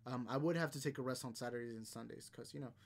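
This young man talks fast in a medium-pitched voice, rambling casually on his livestream and reading out comments from viewers. He's out of breath as he goes.

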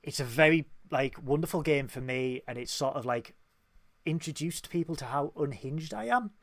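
Male podcast co-host, giddy fan energy, higher voice, dead-dry sound. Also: moderate pace, no room sound. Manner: excitable, fanboyish, laughs often. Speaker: podcast co-host reviewing a TV episode. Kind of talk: casual chat.

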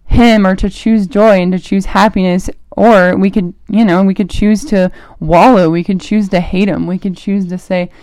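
A young woman in college hosting a casual faith talk, chatty and animated, with lots of "like" fillers. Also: medium pitch, no room sound, studio quality. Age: young adult, college student. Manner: chatty and animated, full of "like" fillers, quick laughs. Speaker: podcast host.

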